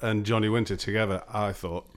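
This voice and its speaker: A man co-hosting an interview, chipping in with short questions and quick asides. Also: on the low side, steady tone. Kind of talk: casual interview chat.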